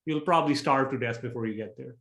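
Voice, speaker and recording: A man giving frank, blunt interview answers as a real estate investor, talking in quick bursts. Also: mid-range voice, fairly bright tone. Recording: echoey room.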